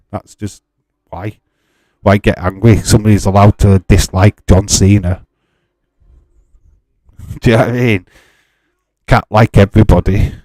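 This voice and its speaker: A man's voice: on the low side, a little mellow, no echo. A man hosting a live stream, chatting casually with his viewers and arguing with them in an exasperated way, laughing often.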